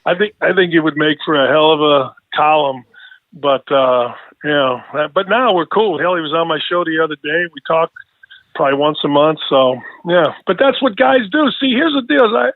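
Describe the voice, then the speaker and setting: A middle-aged man and radio host, talking as a guest on a podcast. He tells stories in a lively way, laughs often and repeats his words as he talks. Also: a little high, normal speed, no room sound. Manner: animated storytelling, laughs a lot, repeats words. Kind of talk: casual podcast conversation. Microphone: phone line. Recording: thin phone line.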